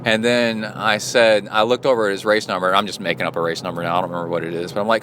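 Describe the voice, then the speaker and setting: A man's voice: on the low side, little pitch movement, rapid-fire, hardly any pauses, a bit bright, slight background noise. Man, podcast host, coach, casual storytelling, indignant, rambling. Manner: rambling, indignant, many fillers and restarts.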